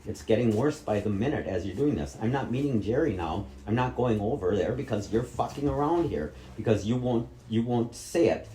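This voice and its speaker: The speaker, a middle-aged Wisconsin vlogger, angrily grills his mother over and over with heavy profanity in a family fight. His warm, low voice has lively intonation at normal speed, barely pausing. The room sounds echoey.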